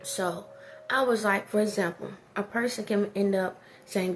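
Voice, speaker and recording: A woman's voice: mid-range voice, normal speed, a little hiss or hum. A woman talking casually in a personal vlog, rambling and preachy. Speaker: vlogger.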